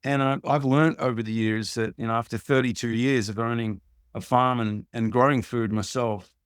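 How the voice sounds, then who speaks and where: A man's voice: medium pitch, steady tone, normal speed, clean tone, no room sound, clean studio sound. An older Australian man, a musician guest, talking in a rambling, plain-spoken way in a casual interview.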